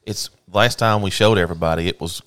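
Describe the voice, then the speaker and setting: A man with a Southern US accent talks in a relaxed, teasing way and laughs often. His voice sits on the low side. The sound is dry and close, with no room around it. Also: fast talker, clear, resonant tone, dry recording. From American South. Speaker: co-host of a plant channel. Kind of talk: casual chat.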